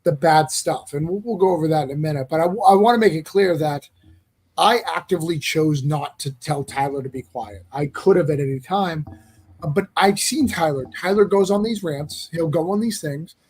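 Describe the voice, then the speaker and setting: A man's voice: a little high, moderate pace, a little mellow, husky. A man as a podcast guest, chatting casually and explaining things carefully, with frequent stammers and restarts. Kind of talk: casual chat.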